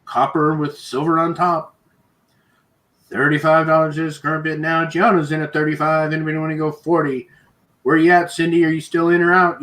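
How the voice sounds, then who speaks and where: A man's voice: fairly high pitch, fairly bright tone. Man calling bids at a live auction. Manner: brisk, repetitive bid-calling with chuckles. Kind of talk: live online auction patter.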